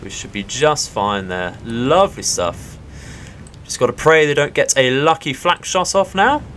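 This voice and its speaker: A man's voice: medium pitch, animated, a little slow, a bit bright, slight background noise. A man talks through a naval strategy game as its let's play host. His commentary is polite and upbeat, and he calls out each move as he makes it. He laughs off the setbacks with mild exasperation. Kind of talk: gameplay commentary.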